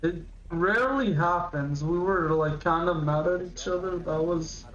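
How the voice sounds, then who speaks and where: A man's voice: fairly high pitch, a little slow, fairly bright tone, highs cut off. Rambling teenage male streamer. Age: late teens. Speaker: livestreamer reacting to a video. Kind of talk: casual rambling chat.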